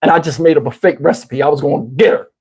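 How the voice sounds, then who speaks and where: A man telling a story in a casual, animated way, swearing freely and acting out what people said. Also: a little high, fast, breathy edge. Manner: animated, profane, acts out quotes. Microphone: wireless lapel mic.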